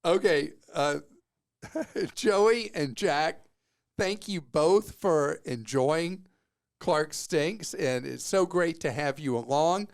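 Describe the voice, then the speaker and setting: A man's voice: on the high side, slow, creaky. A man hosting a consumer money radio show, talking in a casual, self-mocking, joking way into a studio microphone.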